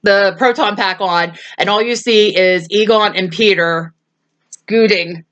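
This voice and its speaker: A woman hosts a laid-back movie review, laughing often as she recounts scenes and performs the quoted lines. Her pitch is medium, her pace a little slow, her tone fairly bright, and the highs are cut off.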